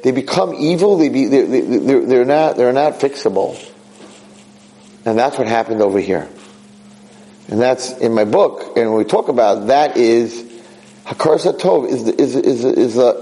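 A man teaching a Torah class in a lively way, mixing in Hebrew phrases and acting out quotes with sudden high outbursts. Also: rough recording.

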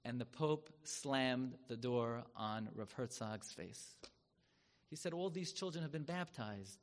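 A man giving a sermon as a story. He talks with drama and turns loud and high when he acts out the people in it. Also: animated, slow pace. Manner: dramatic, swells loud and high when acting out quoted rabbis. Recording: long hall reverb.

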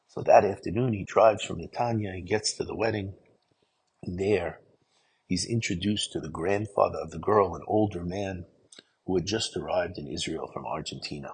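A man giving an earnest storytelling sermon, often dropping to a hushed voice at the emotional moments. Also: low-pitched, gravelly, a little hiss or hum, rough recording.

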